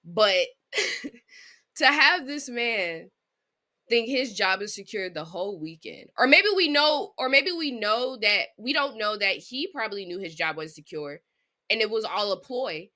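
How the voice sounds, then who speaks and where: A woman's voice: medium pitch, animated, unhurried, pushed and bright. A young woman co-hosting a sports podcast in casual chat. She thinks aloud in an earnest, emphatic way. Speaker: podcast co-host.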